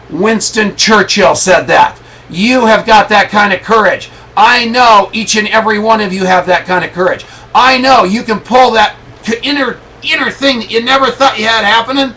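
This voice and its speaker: Middle-aged guy giving a pep talk, high bright voice, hammering every point home. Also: rough recording. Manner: emphatic, preachy, repeats lines for effect. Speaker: network marketing leader hosting a motivational call.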